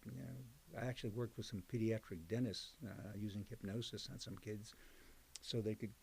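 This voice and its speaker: A man's voice: fairly low pitch, steady tone, moderate pace, gravelly, a little mellow, slight background noise. Older man telling stories conversationally. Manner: conversational, digressive storyteller with fillers. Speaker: psychologist and professor. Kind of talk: oral history interview.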